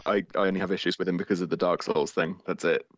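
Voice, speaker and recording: Low-voiced man ranting casually. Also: steady tone, quick pace, no echo, lo-fi sound. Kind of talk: casual podcast chat.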